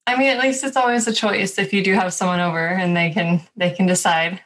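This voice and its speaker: A woman's voice: fairly low pitch, steady tone, brisk. A woman co-hosting a podcast, reacting with frequent laughter and short agreements in casual chat. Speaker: podcast co-host.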